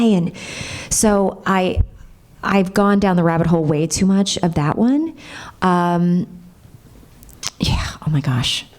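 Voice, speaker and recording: A woman's voice: on the low side, measured pace, long pauses, a little mellow. Bubbly, chatty woman. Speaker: voice actress, panel guest. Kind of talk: convention Q&A panel. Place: convention panel room.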